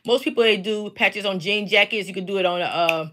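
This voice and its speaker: Speaking a little fast in a medium pitch with a sharp tone, she comes through with a slight hiss or hum. The craft seller and teacher is on a casual live stream from her home basement, talking to viewers as she holds up embroidered patches.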